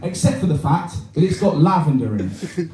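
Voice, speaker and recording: A crude, swearing comedian works a live crowd with a lively, bouncing delivery and a warm, dark tone. His voice carries a distant, echoey bar sound, with faint noise behind it. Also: fairly high pitch, a little fast. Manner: crude, rambling, animated, swears a lot. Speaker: stand-up comedian. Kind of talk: live stand-up set. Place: cafe bar venue, live audience. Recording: echoey room, mic heard from far.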